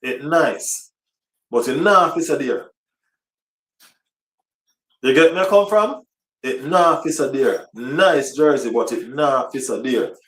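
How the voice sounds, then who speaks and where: A man's voice: mid-range voice, expressive, slow pace, long pauses, fairly bright tone. A man chatting casually on a football livestream, rambling and repeating himself. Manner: rambling, repeats himself, frequent "you know what I mean". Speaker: football vlogger. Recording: roomy, slightly distant mic.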